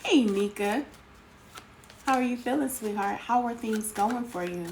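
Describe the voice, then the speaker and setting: A woman's voice: on the high side, unhurried. A woman hosting a casual live tarot stream, greeting viewers by name and calling them sweetheart. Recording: noisy home recording.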